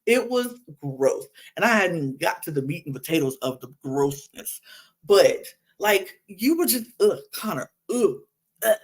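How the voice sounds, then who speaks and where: A woman hosting a podcast, recapping a reality show in an animated, exasperated rant full of asides. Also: lowish voice, unhurried, slightly rough. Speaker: podcast host.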